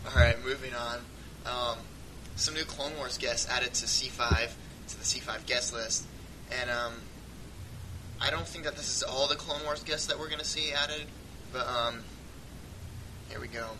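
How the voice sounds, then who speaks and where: A man of middle pitch co-hosts a casual fan podcast, loose and chatty, often breaking into laughter. A clear hiss of noise runs under his voice. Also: fairly even intonation, a little slow, long pauses. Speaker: podcast co-host. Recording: noisy podcast audio.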